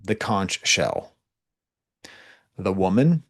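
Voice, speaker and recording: A man's voice: sits low, big pitch swings, drawn-out words, husky. A man who is a college professor, giving a recorded class lecture in a conversational, digressive way with frequent asides and restarts.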